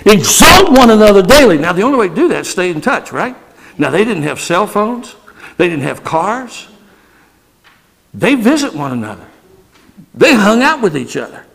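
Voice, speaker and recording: A male pastor delivering a sermon, moving between casual asides, sudden shouts and slow emphatic stretches. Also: sits high, big pitch swings, gravelly, slightly rough, low-quality recording.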